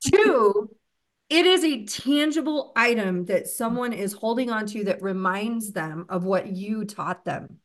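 A woman's voice: mid-range voice, animated, unhurried. A woman hosting a podcast interview, earnest and affirming as she speaks directly to her guest. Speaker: podcast host. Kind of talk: casual interview conversation.

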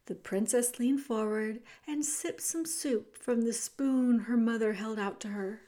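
Slow, expressive woman reading a storybook. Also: a little high. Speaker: audiobook reader. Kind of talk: storybook narration.

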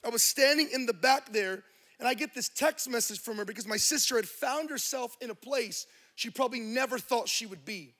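High, bright-voiced preaching man. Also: fairly quick. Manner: impassioned storytelling with quoted dialogue; preaches to a live congregation. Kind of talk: sermon.

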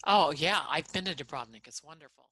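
A woman co-hosts a relaxed conversation and gushes enthusiastically about the things she loves. Her voice sits very low but has a bright, forward tone. She talks in a warm, eager way. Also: brisk. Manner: enthusiastic, gushing about favorites. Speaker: co-host. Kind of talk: casual chat.

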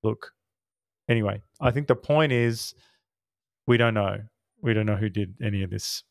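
A man's voice: lowish voice, moderate pace, gravelly, no room sound, clean studio sound. A man hosting a podcast, chatting casually about a film in a rambling, enthusiastic way with many restarts. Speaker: podcast host. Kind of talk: casual film review chat.

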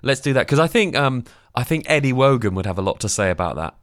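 A man co-hosting a podcast in an easygoing, joking way. His voice sits in an ordinary middle pitch. The sound is close and dry. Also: big pitch swings, quick pace, dry recording. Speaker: podcast co-host. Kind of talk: casual podcast chat.

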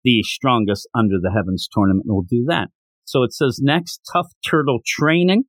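Guy on a podcast going over a manga chapter, mid voice, jumps up high for the characters, dry close sound. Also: no echo. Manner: animated retelling, acting out lines in quick higher voices. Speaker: podcast host. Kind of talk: casual manga recap.

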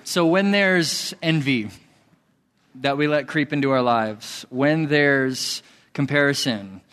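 A man's voice: medium pitch, takes it slowly, fairly bright tone, smooth, big-room sound. A young man preaching a casual sermon, candid and self-mocking, speaking conversationally to a group. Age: young adult. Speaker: pastor.

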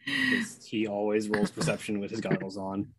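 A man's voice: lowish voice, huge pitch swings, moderate pace, a loud crowd, poor audio. A man playing a tabletop game, asking about the rules in a plain, matter-of-fact way. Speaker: player. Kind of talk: casual chat at a tabletop game.

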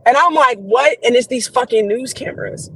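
A young adult woman, a podcast guest, telling a story in an animated, profane, slangy way. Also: high voice, a little fast, rough recording. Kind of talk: casual storytelling chat.

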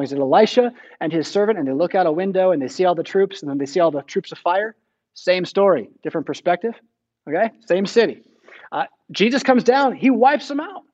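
A man's voice: high voice, lo-fi sound. An American man preaching a sermon in a church, retelling the story casually and acting out the quotes.

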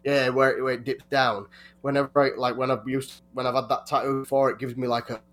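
A man chatting on a podcast, rambling and halting, full of filler and swearing. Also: medium pitch, flat delivery, a bit bright. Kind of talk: casual podcast chat.

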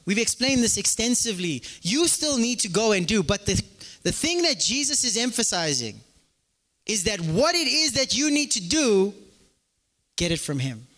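Preaching a sermon in an echoey hall, a pastor with a high voice keeps a moderate pace. He is animated, tells jokes, and performs little dialogues.

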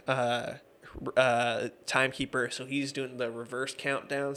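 His mid-range voice slightly bright, a thirty-something MMA referee and judge chats on an interview show, telling stories with plenty of laughter and fillers.

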